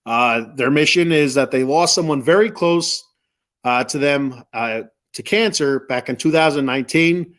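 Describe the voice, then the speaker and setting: A man's voice: mid-range voice, normal speed, fairly bright tone. A man hosting a casual sports talk stream, rambling with lots of fillers and repeats. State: choked up. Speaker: sports podcast host.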